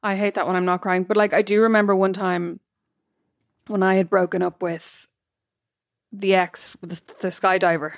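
A woman's voice: medium pitch, level tone, normal speed, creaky, no room sound, studio quality. A woman co-hosting a casual chat, talking in a thoughtful, reflective way with plenty of fillers. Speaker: podcast co-host.

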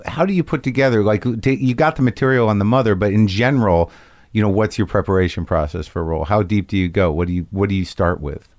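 Man podcast host, lowish voice, dry close mic, stumbling into his questions. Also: darkish tone, no room sound. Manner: halting questions full of fillers and restarts. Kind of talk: casual interview conversation.

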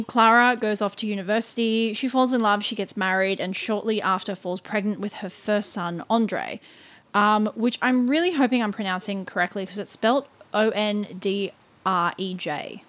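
Woman, podcast co-host, casual storytelling, mid pitch, filler-heavy, chatty. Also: moderate pace, a bit bright. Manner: stumbles over names and asides.

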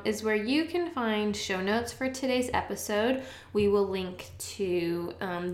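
She is a woman co-host with a slightly high voice, talking in a chatty, easygoing way to listeners. The recording has a roomy echo around her. She runs through announcements in a casual podcast style. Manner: chatty, reads out contact details.

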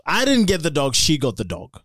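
A man's voice: a little high, wildly swooping pitch, brisk, a bit bright. A young man hosting a podcast, swearing and teasing his friends in loose casual banter.

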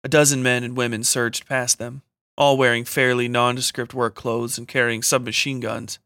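A man narrates a scripted horror story with steady, measured pacing. His voice is mid-pitched and bright with a forward edge. The recording is dry and close, with no room echo. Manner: steady, measured dramatic reading.

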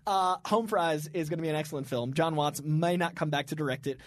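A man's voice: fairly high pitch, a little fast, no echo. Enthusiastic man podcast co-host, dry sound. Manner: enthusiastic, rambling with fillers. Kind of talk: casual chat.

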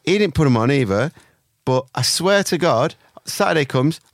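A man co-hosting a podcast, chatting casually and telling animated stories, sometimes mimicking voices and swearing. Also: a little high, normal speed, dry recording, studio quality. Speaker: podcast co-host. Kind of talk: casual chat.

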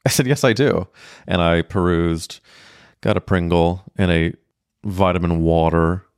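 Campy, animated storytelling man, smooth voice. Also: deep voice, unhurried, dry recording, studio quality. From St. Louis, Missouri, USA. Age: 30s. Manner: laughs mid-story. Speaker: podcast host. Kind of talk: solo podcast storytelling.

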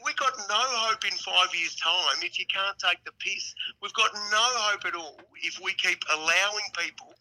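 A man's voice: high-pitched, moderate pace, hardly any pauses, sharp tone, rough recording. A middle-aged Australian man telling a laughing, slang-heavy story as a podcast guest. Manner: laughing yarn-spinner, broad slang. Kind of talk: casual storytelling chat.

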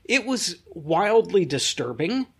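A middle-aged man co-hosting a podcast, telling stories in a wry, deadpan way with bursts of laughter. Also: sits high, slow, slightly rough. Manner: wry, deadpan storyteller who breaks into laughter. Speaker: podcast co-host. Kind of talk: casual storytelling chat.

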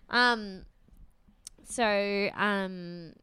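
A woman in casual podcast chat, laughing often as she recaps a show. Her voice is bright and smooth. The sound is dry and close to the mic. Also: mid-range voice, extremely slow, dry recording. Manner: chatty, laughs often, many fillers.

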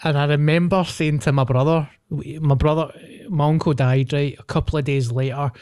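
A man's voice: a little high, fairly even intonation, moderate pace, a little mellow, no echo. Blunt Scottish man, dry close sound. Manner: blunt, sweary, laughs through his stories. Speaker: podcast co-host. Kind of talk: casual banter.

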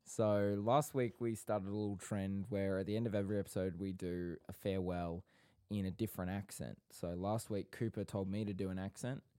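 A man's voice: low-pitched, steady tone, a little fast, hardly any pauses, warm tone, clean tone, no room sound, studio quality. A young man co-hosting a podcast, chatting casually in a rambling, teasing and playfully theatrical way. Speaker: podcast co-host.

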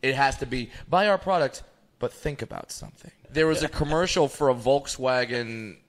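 A man's voice: mid-range voice, normal speed. A man delivering an exasperated comedic rant. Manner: exasperated ranting.

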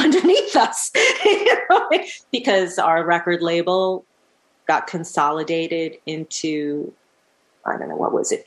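A middle-aged woman musician, a guest telling stories in a casual interview, animated and laughing often as she acts out what people said. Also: fairly low pitch.

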